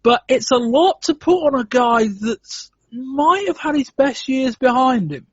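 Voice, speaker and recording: A man with a high, husky voice hosting a casual podcast chat, weighing his points aloud with plenty of "um"s and false starts. The sound is dry and dull, like lo-fi podcast audio. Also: animated, unhurried, no echo. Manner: thoughtful, hedging with frequent "um" and restarts. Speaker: podcast host.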